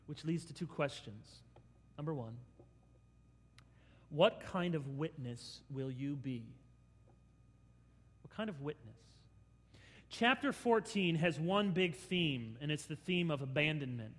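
A male pastor preaching a sermon, dramatically acting out scenes and swinging between loud and hushed. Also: on the high side, lively intonation, takes it slowly, long pauses, long reverb tail.

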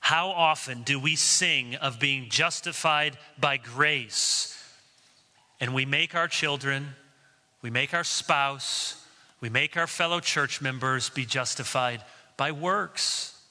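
A man's voice: mid-range voice, slow, pushed and bright, big-room sound. A male pastor preaching a sermon earnestly and telling stories along the way. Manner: earnest preaching, storytelling asides.

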